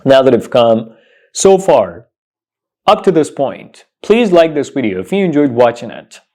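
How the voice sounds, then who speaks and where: A man teaching English pronunciation in an online lesson, repeating each word several times with slow, emphatic drilling. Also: medium pitch, big pitch swings, warm tone.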